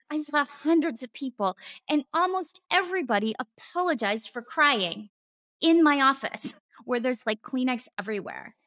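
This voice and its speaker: A woman's voice: fairly high pitch, fairly bright tone, no room sound, clean studio sound. A woman hosting a podcast, a former therapist speaking in an earnest, emphatic reflective monologue, stressing points by repeating words and sometimes laughing or swearing casually.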